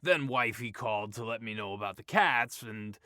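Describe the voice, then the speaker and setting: A man voicing a gruff, officious, short and balding store manager with a rambling, wheedling manner in an audiobook. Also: fairly low pitch, moderate pace, pushed and bright, no room sound, clean studio sound. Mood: pleading, flustered. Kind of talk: audiobook character voice.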